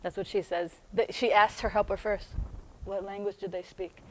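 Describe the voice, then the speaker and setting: A woman's voice: medium pitch, fairly even intonation, moderate pace, a little hiss or hum. An American woman reading aloud from her own book, breaking off often into chatty asides and laughing as she goes. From United States.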